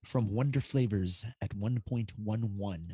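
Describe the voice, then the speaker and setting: A man's voice: fairly low pitch, unhurried, mellow, breathy edge, dry recording. A man co-hosting a casual livestream, talking loosely and profanely and laughing often. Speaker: livestream co-host mixing e-liquids.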